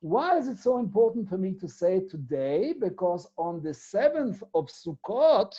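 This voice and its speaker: A man's voice: high-pitched, big pitch swings, moderate pace, dark tone, husky. A man giving a Torah lesson, explaining step by step and posing rhetorical questions. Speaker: Torah teacher. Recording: dull lo-fi recording.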